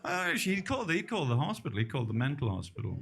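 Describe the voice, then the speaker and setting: A man's voice: medium pitch, very animated, quick pace, creaky. A middle-aged Irish man doing a rambling, self-deprecating stand-up set on a club stage, often trailing off into mumbles. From Ireland. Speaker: stand-up comedian.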